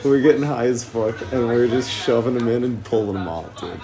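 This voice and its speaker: A young man hosting a casual podcast, high and rambling, with lots of swearing and giggling. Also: fairly quick, vocal fry, over music. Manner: rambling, profane, giggly stoner talk. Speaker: podcast host. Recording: noisy amateur room recording.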